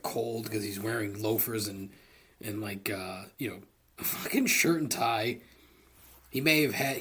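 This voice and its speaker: A man's voice: mid-range voice, fairly bright tone, slightly rough. A man hosting a solo comedy podcast, rambling profanely into a close microphone and laughing at his own jokes. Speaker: podcast host. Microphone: close studio microphone.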